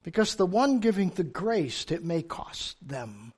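An older man preaching a sermon in church, telling humorous stories with sudden loud emphasis. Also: a little high, sing-song, measured pace, breathy edge.

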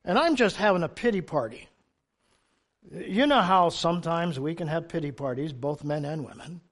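An older man preaching a sermon in church, telling humorous stories with sudden loud emphasis. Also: a little high, expressive, normal speed.

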